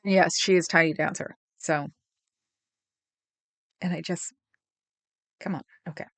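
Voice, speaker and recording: Lady rambling to her stream chat, kinda low voice, dry and close. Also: steady tone, a little slow, a bit bright, no room sound. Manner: chatty, rambling, emotional about pets. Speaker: livestream host. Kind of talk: casual chat with viewers.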